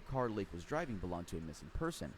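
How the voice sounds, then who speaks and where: Lively man narrating true crime. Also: low-pitched, quick pace, slight background noise. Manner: lively storytelling, dry sarcastic asides.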